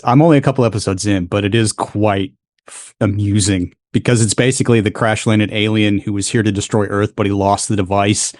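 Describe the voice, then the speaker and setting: A man's voice: lowish voice, a little mellow, no echo, studio quality. A man co-hosting a podcast in casual chat, teasing, swearing freely and laughing often. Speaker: podcast co-host.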